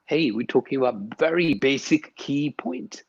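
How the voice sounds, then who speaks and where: Speaking as an interview guest, a yoga and sound teacher stresses his points emphatically through repetition. His mid-range voice is expressive, husky and touched with vocal fry, his pace unhurried, and the sound quality lo-fi.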